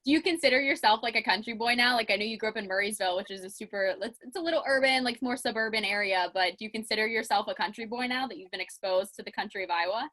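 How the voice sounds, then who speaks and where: A woman's voice: fairly high pitch, fast, hardly any pauses, pushed and bright. Chatty young woman, Pittsburgh accent. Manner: chatty, bubbly, laughs often, peppered with "like". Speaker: interview host. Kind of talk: casual interview chat.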